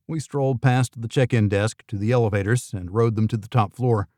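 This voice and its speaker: A man's voice: on the low side, fairly quick, few pauses, dark tone, no room sound. A man narrating a first-person thriller audiobook in a dry, wry manner.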